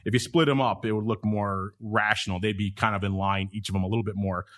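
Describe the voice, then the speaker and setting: A man's voice: lowish voice, fairly even intonation, fast talker, fairly bright tone. A man hosting a markets podcast, chatty and wry, with asides. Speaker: podcast host. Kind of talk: casual market talk.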